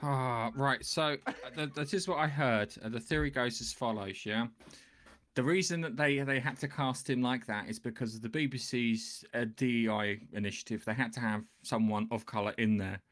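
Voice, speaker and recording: Male podcast co-host, mid-range voice, emphatic banter, quick to interrupt. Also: mid-range voice, a bit bright. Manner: joking, emphatic, cuts in. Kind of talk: casual opinionated chat.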